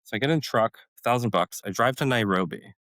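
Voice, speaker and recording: A man's voice: medium pitch, fast, dry recording, low-quality recording. A middle-aged man, a former special forces medic, telling a story in a podcast interview and acting out what people said. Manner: animated storyteller, acts out quoted dialogue.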